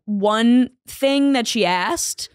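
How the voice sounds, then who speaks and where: A fairly high-voiced woman chatting on a podcast, quick to laugh and slip into silly voices. She reads and riffs in an animated, casual way. The sound is dry and close, with no room around it. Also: smooth, no echo. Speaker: podcast co-host reading a letter. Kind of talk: casual chat.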